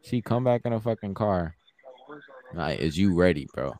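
A man's voice: sits low, moderate pace. A young man co-hosting a podcast, telling stories in casual, profane talk and acting out the lines of the people in them. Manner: profane, animated, acts out quoted dialogue. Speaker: podcast co-host. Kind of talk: casual storytelling chat.

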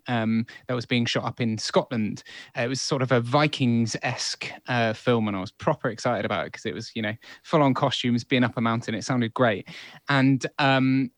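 A man who is an actor and co-founder, telling a relaxed, chatty story as a guest in a conversation. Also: medium pitch, dry recording. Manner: relaxed and chatty, with many fillers. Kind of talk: casual storytelling in a podcast conversation.

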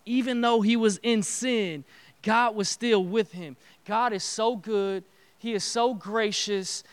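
A man preaching a casual, slangy sermon in a church, animated and acting out quotes. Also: sits high.

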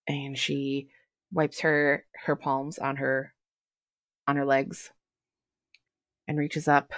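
A woman narrating as game master in a tabletop role-play, unhurried and halting, with giggly asides. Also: rumbling low, monotone, no echo, clean studio sound.

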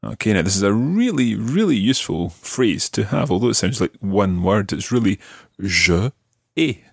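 A man with a very low voice leads a podcast language lesson, his pitch rising and falling in a lively way. He models each word patiently and slowly so the learner can repeat it. The studio sound is dry and close. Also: creaky, slightly rough, no echo. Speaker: language teacher.

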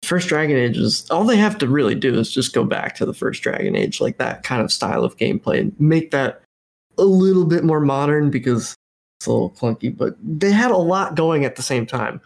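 A man's voice: a little high, very animated, fairly quick, vocal fry. A man co-hosting a casual gaming podcast, rambling and hedging as he talks. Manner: rambling, hedging with fillers, laughs between phrases. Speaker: podcast co-host.

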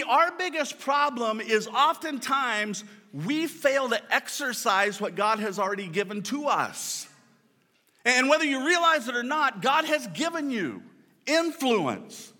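A man's voice: very high-pitched, very animated, a little slow, pushed and bright, long reverb tail. A man preaching a sermon to his congregation, repeating words as he builds a point and tossing playful asides to the room. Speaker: pastor. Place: church hall with a congregation.

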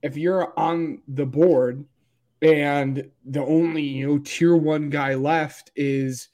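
A man's voice: fairly high pitch, fairly even intonation, takes it slowly, darkish tone. A young man co-hosting a football podcast, talking casually and hedging his opinions. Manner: hedging, conversational. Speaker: podcast co-host. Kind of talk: casual sports chat.

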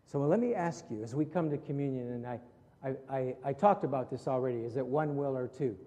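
Pastor preaching in a reverberant hall. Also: male voice, on the high side, fairly quick. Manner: conversational, asks the congregation questions, voice drops soft for prayerful moments. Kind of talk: sermon. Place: church hall with congregation.

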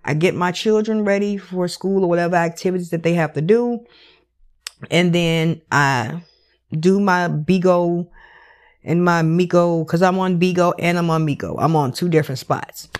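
A woman hosting her own podcast, talking alone in a casual monologue, blunt and animated, swearing freely and leaning on "you know". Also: fairly low pitch, normal speed. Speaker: podcast host.

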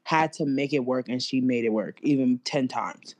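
A young woman co-hosting a casual chat, talking in an animated, slangy and blunt way. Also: very deep voice, normal speed. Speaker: co-host.

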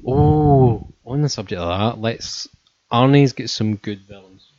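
A man's voice: mid-range voice, a little slow, darkish tone, no echo. A man in casual chat, rambling and joking with a lot of swearing. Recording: muffled, lo-fi, dry.

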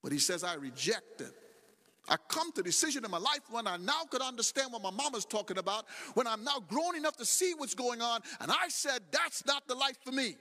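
A man's voice: very high voice, animated, fast talker, few pauses, bright, forceful tone. A middle-aged male pastor preaching a sermon in a church, talking animatedly and repeating phrases for emphasis. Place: church sanctuary. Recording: long hall reverb.

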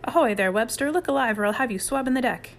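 A woman voicing a brisk, bossy boy camper who barks orders like a mock ship's captain. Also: fairly high pitch, a little hiss or hum, pitched above the performer's own voice, lightly acted. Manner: crisp, commanding, playful mock-sailor.

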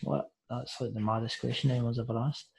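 A man's voice: medium pitch, little pitch movement, brisk, creaky. A Scottish man chatting casually as a podcast guest over a video call, laid-back and full of "mate". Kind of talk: casual chat.

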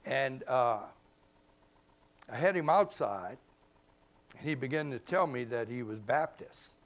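A man, a pastor preaching a sermon in a conversational way, swinging between loud emphasis and hushed asides. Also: mid-range voice, animated, measured pace. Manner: conversational, informal grammar and repeated phrases.

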